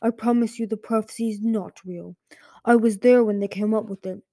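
A woman reading aloud as a weary old male dragon, near death and aloof. He talks dryly and slowly, faintly amused, in a mellow, dark-toned voice. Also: fairly even intonation, dry recording. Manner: dry, faintly amused, low and slow.

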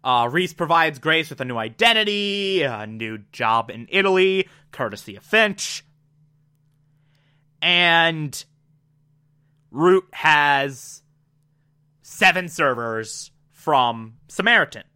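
A speaker recapping a TV episode in a casual, gushing way, breaking into excited outbursts. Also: medium pitch, takes it slowly, pauses often, clean tone.

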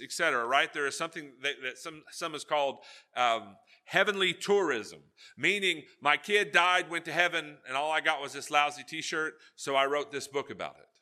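A male pastor preaching a sermon, telling jokey stories and swinging between loud asides and hushed, earnest points. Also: on the high side.

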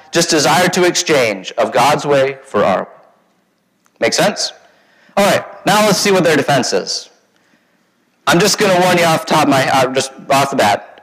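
A man's voice: on the high side, fairly bright tone. A pastor giving a conversational sermon, often asking his congregation questions and acting out quoted voices. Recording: long hall reverb.

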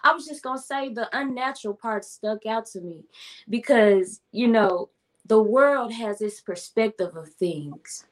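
A woman music producer is the guest in a casual interview, speaking at a middle pitch. She is low-key and reflective and fills her thoughts with lots of fillers.

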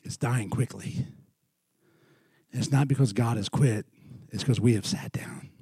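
Man preaching with a dark, dry voice. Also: a little slow, slightly rough, no room sound. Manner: swings between loud lively storytelling and quiet earnest lows. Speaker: pastor. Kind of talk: sermon with storytelling. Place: church.

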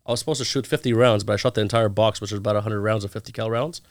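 A man's voice: on the low side, rapid-fire, dry recording, studio quality. A man in his thirties, a guest in a casual interview, telling stories with energy and acting out the lines of the people in them. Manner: animated storyteller acting out quoted dialogue.

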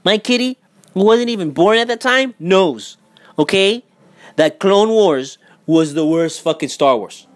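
A man's voice: high voice, animated, measured pace. Fired-up young man ranting. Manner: heated, profane, repeats himself, swings loud and quiet. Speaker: vlogger. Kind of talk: profane casual rant. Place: home in Miami.

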